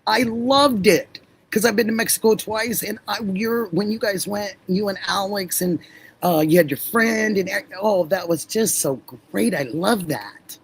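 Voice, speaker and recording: A middle-aged woman hosting a livestream, chatting warmly with viewers, effusive and laughing often. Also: mid-range voice, moderate pace, slight background noise, poor audio. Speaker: livestream host. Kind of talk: casual chat with live viewers.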